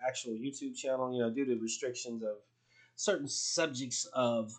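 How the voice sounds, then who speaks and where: A man's voice: mid-range voice, steady tone, moderate pace, husky. Rambling middle-aged man hosting a podcast. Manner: rambling, loose, swears freely. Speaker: podcast host. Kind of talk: casual podcast chat.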